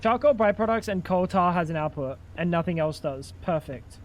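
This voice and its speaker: A man's voice: sits high, animated, brisk. A British man chatting casually with his live-stream audience while playing a game, swearing freely.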